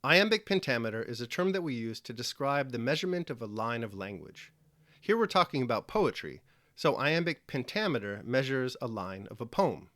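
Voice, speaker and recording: A man narrating a scripted lesson clearly, explaining step by step with dry little asides. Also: mid-range voice, very animated, brisk, fairly bright tone, no room sound. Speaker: teacher.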